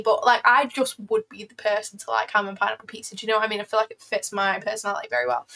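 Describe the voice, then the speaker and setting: A woman's voice: a little high, sharp tone, rough recording. Chatty young woman streaming. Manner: playful, rambling, reacts to chat. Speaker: trading livestreamer. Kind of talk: casual livestream chat.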